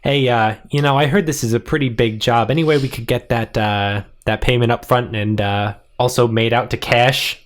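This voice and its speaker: A man's voice: mid-range voice, steady tone, natural voice. A man voicing a crude, cocky man who carries a knife. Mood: brash. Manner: brash, quick.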